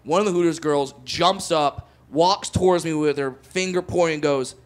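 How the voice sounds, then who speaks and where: A man doing stand-up comedy, telling a long story in an animated way, acting out quotes and tripping over restarts. The recording is noisy. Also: a little high, normal speed.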